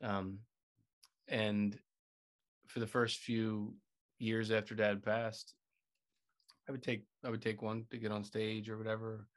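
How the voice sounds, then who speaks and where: A man's voice: fairly low pitch, level tone, unhurried, long pauses. A man co-hosting a podcast in casual chat, rambling and restarting sentences as he goes. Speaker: podcast co-host.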